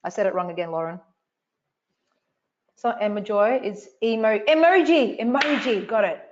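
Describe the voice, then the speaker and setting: A woman's voice: medium pitch, moderate pace, highs cut off. A woman hosting a live online coaching session, emphatic and repetitive, swearing casually as she speaks to viewers. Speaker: online event host.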